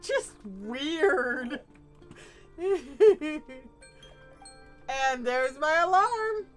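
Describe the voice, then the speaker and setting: Slow, high-voiced chatty woman streamer. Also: very animated, fairly bright tone, faint music behind. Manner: chatty, laughs often, reacts to chat. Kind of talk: casual live-stream chat while gaming.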